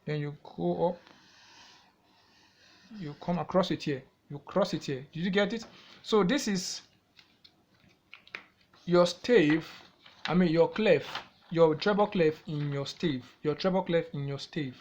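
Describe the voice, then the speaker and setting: A man's voice: on the high side, muffled recording. A man with a Nigerian English accent teaching a music theory lesson, repeating himself often and asking the viewer questions before he answers them.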